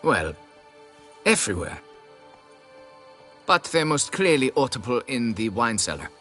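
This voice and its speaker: An actor voicing a pompous, condescending aristocrat who owns a vineyard, in a video game, with faint music behind. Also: male voice, mid-range voice, very animated, a little slow, pushed and bright. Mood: grave. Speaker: nobleman quest giver.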